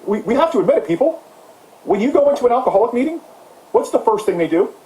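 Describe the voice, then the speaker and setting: A man's voice: extremely high pitch, very animated, quick pace, dark tone, roomy sound, rough recording. A man delivering a heated, sarcastic political rant as the host of his own channel. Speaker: political commentator. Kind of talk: impassioned ranting monologue.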